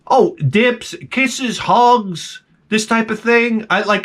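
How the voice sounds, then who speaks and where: A man's voice: high-pitched, expressive, unhurried, hardly any pauses, fairly bright tone. A man telling a comic rant about a bad day, exasperated, profane and self-mocking. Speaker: comedy vlogger.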